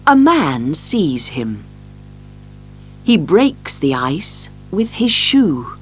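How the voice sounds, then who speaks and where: A woman reading a children's story aloud for learners, slow and expressive. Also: deep voice, faint music behind. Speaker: audiobook narrator.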